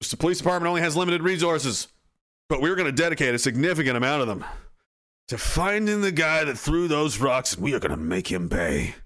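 A man's voice: on the high side, lively intonation, brisk, fairly bright tone. A man doing a ruthless police commissioner. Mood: menacing.

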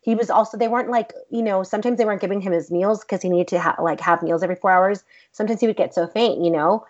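Blunt, animated woman telling a story. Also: mid-range voice, quick pace. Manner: blunt, profane, animated retelling. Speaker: actress, interview guest. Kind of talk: casual storytelling. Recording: dull lo-fi recording.

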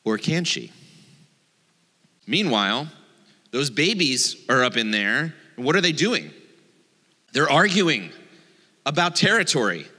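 A man's voice: mid-range voice, big pitch swings, measured pace, long pauses, pushed and bright, slightly rough, in a large hall. A man, a rabbi, giving a playful, joking sermon and acting out the voices in his quotes.

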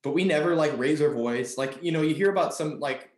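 A man's voice: on the high side, fairly quick, darkish tone, echoey room. A man in his thirties, a father, chatting casually on a podcast with many fillers and restarts. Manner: rambling, lots of fillers and restarts. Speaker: podcast co-host.

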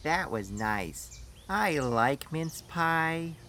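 A man's voice: on the high side, animated, drawn-out words, sharp tone, slight background noise. A man narrating a story in the first person in a dry storytelling manner. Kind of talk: scripted audiobook narration.

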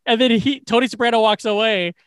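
A man co-hosting a podcast, retelling a film's scenes in a casual, profane, animated way. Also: very high voice, fast, clear, resonant tone, no room sound, clean studio sound. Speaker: podcast co-host. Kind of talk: casual movie recap chat.

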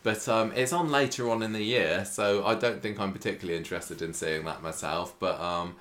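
A man's voice: low-pitched, fairly quick, fairly bright tone. A man co-hosting a podcast, chatty and hesitant with frequent ums. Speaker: podcast co-host. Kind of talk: casual podcast chat.

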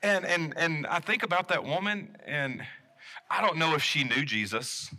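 A man's voice: fairly high pitch, moderate pace, sharp tone. A young adult man, a pastor, gives a conversational sermon, asking the congregation questions and restarting his sentences often. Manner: casual, asks the congregation questions, many restarts.

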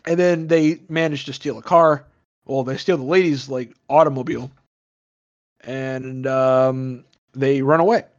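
A man's voice: medium pitch, steady tone, measured pace. A man retelling a movie plot in a casual, rambling, profane way, joking as he goes. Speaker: podcast co-host. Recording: dull lo-fi sound.

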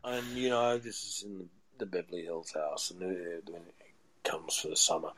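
A man's voice: deep voice, fairly even intonation, moderate pace, a bit bright, poor audio. A man, a chef chatting as a podcast guest and telling rambling stories with many restarts. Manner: rambling, repeats and restarts phrases. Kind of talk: casual storytelling chat.

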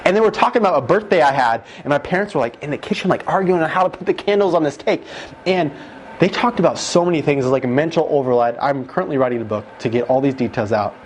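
A man giving an emotional testimony as a guest, retelling it with excited, animated emphasis that jumps up at key moments. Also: fairly high pitch, fast, slight background noise.

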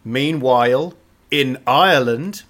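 A man's voice: medium pitch, takes it slowly, a bit bright. A man co-hosting a casual podcast, reading plot summaries aloud and breaking off for jokey asides. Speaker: podcast co-host. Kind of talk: casual movie recap chat.

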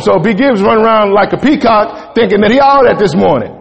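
A man's voice: high-pitched, expressive, brisk, vocal fry, long reverb tail, dull audio. A man preaching a sermon in a conversational way, often asking the congregation "right?".

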